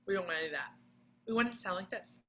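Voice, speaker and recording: A woman teaching a children's music lesson on video, explaining each step patiently and clearly with sung demonstrations. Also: on the low side, expressive, racing, heavy background noise.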